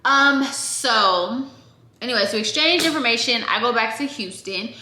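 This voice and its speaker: Bright, chatty young woman in echoey room. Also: fairly high pitch, a little slow, slight background noise. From Oregon, USA. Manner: chatty, animated, addresses viewers directly. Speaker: vlogger. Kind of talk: casual storytime.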